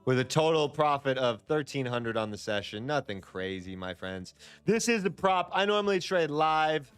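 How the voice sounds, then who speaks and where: A man's voice: mid-range voice, sing-song, normal speed, fairly bright tone, smooth. A man hosting a casual trading livestream, talking upbeat and chatty to his viewers.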